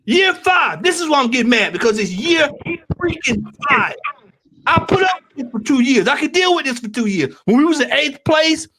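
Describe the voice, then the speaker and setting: High-pitched, animated man ranting. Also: moderate pace. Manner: loud, emphatic, repeats points for emphasis. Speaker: podcast panelist. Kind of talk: heated podcast rant.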